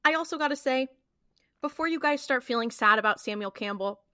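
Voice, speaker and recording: A woman's voice: high-pitched, fairly quick, sharp tone, clean tone, no room sound, clean studio sound. A young woman co-hosting a casual rewatch podcast, chatty with joking asides. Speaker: podcast co-host.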